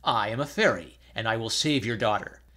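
A man voicing a confident young male fairy hero who calmly reassures a frightened couple. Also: fairly low pitch, a little fast. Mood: reassuring.

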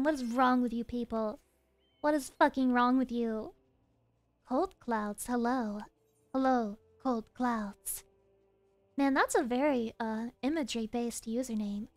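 A young woman with a Southern US accent, chatting casually with viewers while streaming a game, animated and swearing freely. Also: unhurried, no echo, soft background music. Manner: animated, swears a lot, jumps between high playful voices and low mutters. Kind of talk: casual live-stream chat while gaming.

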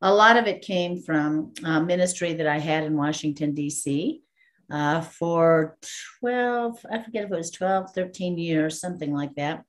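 Woman telling a lively story. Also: low voice, a little slow. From Texas, USA. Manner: lively storyteller who acts out the dialogue and laughs often. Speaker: guest minister. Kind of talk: storytelling testimony in an interview.

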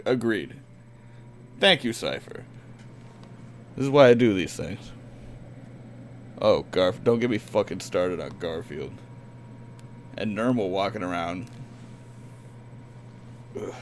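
A man streaming live in character as a crude, cat-hating talking dog, ranting with bursts of yelling. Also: on the low side, a little hiss or hum, voice pushed down. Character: gruff cat-hating talking dog, adult male, easily angered.

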